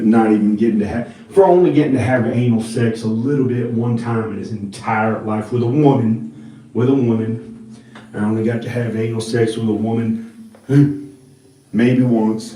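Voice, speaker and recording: A man's voice: fairly low pitch, warm tone. A man vlogging in a rambling, profane monologue, talking into a handheld microphone. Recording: roomy, mic held far off.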